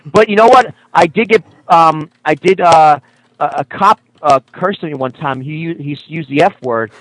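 A man co-hosts a casual radio talk show and tells his story earnestly. He stumbles, restarts and repeats words as he goes. His voice sits a little high. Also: moderate pace, a bit bright, no echo, low-quality recording. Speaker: radio co-host. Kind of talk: casual call-in radio chat.

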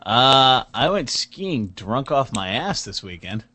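Brief: tipsy guy in casual banter, halting and crude. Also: medium pitch, sing-song, bright, forceful tone, no echo. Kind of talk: casual comedic chat.

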